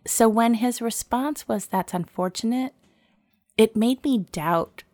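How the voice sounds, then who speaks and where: A woman in her forties with a fairly high voice speaks at a measured pace on a dry recording. She tells a personal story in casual conversation as a lively storyteller, acting out the quoted dialogue and laughing often.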